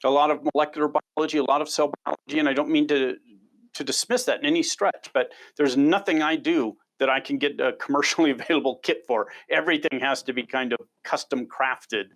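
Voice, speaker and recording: A man's voice: a little high, brisk, a bit bright. A middle-aged man, a biology researcher, answering interview questions as an enthusiastic storyteller who often repeats words when starting a sentence.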